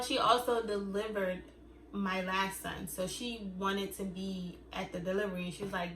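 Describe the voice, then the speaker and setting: A woman's voice: medium pitch, sharp tone, recorded from a distance. A young woman vlogger in casual storytime chat, chatty and acting out quotes in other voices. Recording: echoey room, faint noise.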